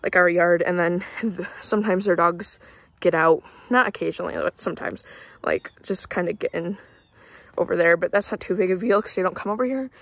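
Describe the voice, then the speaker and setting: A woman's voice: on the low side, brisk, no room sound. A young woman talking on a walk outdoors, chatty and out of breath, with many fillers and indignant asides. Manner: chatty, lots of fillers, indignant about neighbors. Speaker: vlogger. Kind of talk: casual rambling vlog, walking. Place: outdoors in a neighborhood.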